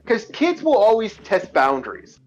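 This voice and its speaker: A man's voice: high-pitched, wildly swooping pitch, normal speed, highs cut off, soft background music. A man co-hosting a podcast in casual chat, telling rambling stories with lots of restarts and swearing. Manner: rambling storyteller, repeats and restarts, swears freely. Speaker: podcast co-host.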